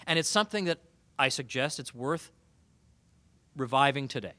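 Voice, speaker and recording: A man delivers a humorous keynote at a banquet, his bright voice swinging widely in pitch. He talks with an animated, sarcastic edge. The sound is dry and close. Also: normal speed, no echo. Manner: animated, sarcastic, mock-quoting opponents. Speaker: keynote speaker. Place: banquet hall.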